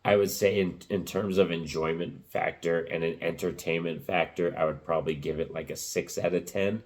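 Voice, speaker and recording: A man giving a casual spoken movie review, rambling with lots of fillers, his voice cracking and rough. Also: sits low, steady tone, moderate pace.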